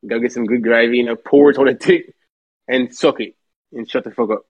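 A man's voice: mid-range voice, fairly even intonation, fairly quick, husky, no echo, muffled recording. A man guesting on a podcast, rambling with absurd non sequiturs. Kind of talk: casual podcast banter.

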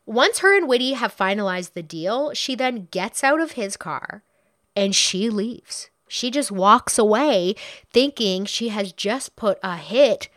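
A woman recounts a true crime case in a chatty, blunt way, swearing as she goes and slipping into quoted voices. Her pitch swings widely and expressively. The sound is close and dry, with no room echo. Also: lively intonation, unhurried, a bit bright. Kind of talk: casual true crime retelling.

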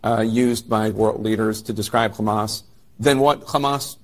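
Male news anchor, lowish voice, measured and serious. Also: steady tone. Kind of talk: news commentary.

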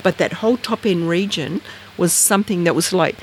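An Australian researcher telling a story in casual, rambling talk, acting out conversations with big jumps in pitch. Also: a little fast, a little hiss or hum. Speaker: interviewee, researcher.

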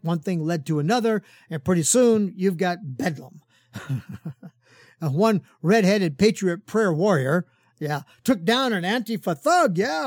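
A man's voice: high voice, darkish tone, no echo, clean studio sound. A man hosting a radio show as a pastor, giving an opinionated commentary monologue with frequent fillers and chuckles.

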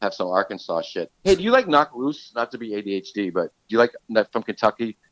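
A man hosting a casual chat who swears a lot and tells animated stories. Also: lowish voice, fast, dry recording, highs cut off. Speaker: podcast host.

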